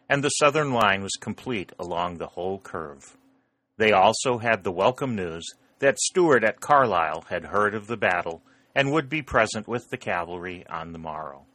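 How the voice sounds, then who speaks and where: Low, bright-toned male audiobook narrator. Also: no room sound.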